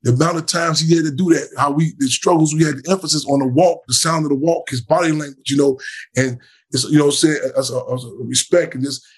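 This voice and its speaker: A man's voice: fairly high pitch, steady tone, fast talker, husky. A man from Chicago, an activist guest, speaking with passion while he stammers and repeats words. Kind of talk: impassioned interview talk.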